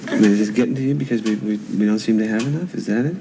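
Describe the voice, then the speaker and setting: Earnest pleading husband. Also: male voice, fairly low pitch, racing, gravelly. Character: anxious young husband pleading with his wife. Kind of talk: 1970s TV soap acting. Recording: noisy old TV audio.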